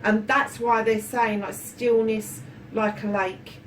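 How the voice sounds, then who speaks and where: A fairly high-voiced woman chats her way through a tarot reading, affectionate and loose-tongued, with swearing dropped in freely. She sits a little back from the mic, and faint room noise lies under her voice. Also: little pitch movement, slow pace, far from the mic, poor audio. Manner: chatty and affectionate, swearing freely, calls viewers darlings. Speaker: tarot reader.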